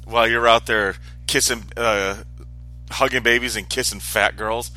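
A man with a bright, forward voice co-hosts a casual podcast. He talks in an animated way, often sarcastic and ranting, over faint background music. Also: mid-range voice, moderate pace. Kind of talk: casual chat.

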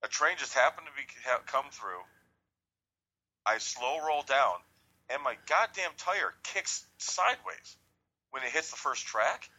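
Bright-voiced man telling a rambling story. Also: medium pitch, expressive, unhurried, low-quality recording. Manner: rambling, profane, jokey storytelling. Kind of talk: casual storytelling chat.

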